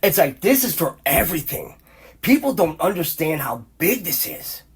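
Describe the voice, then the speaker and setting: A podcast host with a slightly high, sing-song, breathy voice goes on a heated, profane, rambling rant at a normal pace. He keeps restarting and repeats exclamations in rising bursts.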